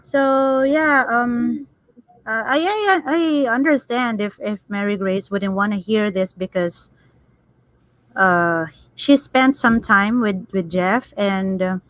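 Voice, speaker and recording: Female host, halting casual delivery, slow and fairly high. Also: a bit bright, no echo, poor audio. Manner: halting, many restarts and fillers. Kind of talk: casual chat.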